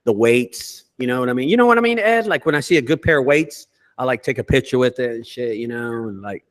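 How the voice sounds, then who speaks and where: A man who owns a junk removal business, telling stories in a casual group call with lots of swearing and animated delivery. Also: mid-range voice, quick pace. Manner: profane, animated storyteller.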